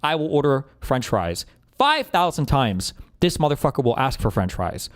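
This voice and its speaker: Male streamer, casual reaction talk, profane and exasperated, very lively pitch. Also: moderate pace. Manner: swearing, exasperated, animated storytelling.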